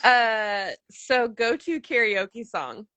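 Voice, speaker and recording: Chatty host lady, kinda high voice, laughs along, super dry close sound. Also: slow pace, bright, forceful tone, dry recording. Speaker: podcast host. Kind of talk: casual chat.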